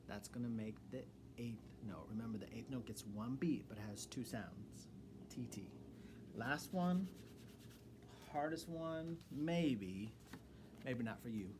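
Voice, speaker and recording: A man's voice: medium pitch, lively intonation, measured pace, background noise. A man who is a music teacher, giving a rhythm lesson to children in an encouraging way and chanting rhythm syllables.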